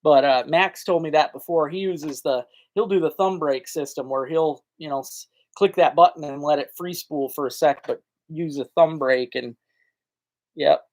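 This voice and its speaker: A man's voice: a little high, moderate pace, darkish tone. A man hosting a live fishing chat, talking in a folksy, rambling way and answering viewers' comments. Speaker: fishing channel host. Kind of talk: casual live-stream chat.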